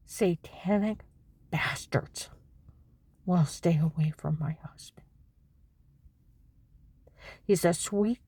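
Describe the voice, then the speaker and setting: A woman's voice: lowish voice, no echo. Agitated woman in a rambling monologue. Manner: agitated, swinging between hushed whispers and loud outbursts. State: anxious and on edge. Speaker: vlogger.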